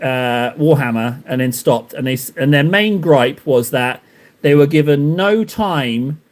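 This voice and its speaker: A young man chatting casually to his live-stream viewers while he paints miniatures, rambling and poking fun at himself. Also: on the high side. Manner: rambling, self-mocking, talks to chat while painting.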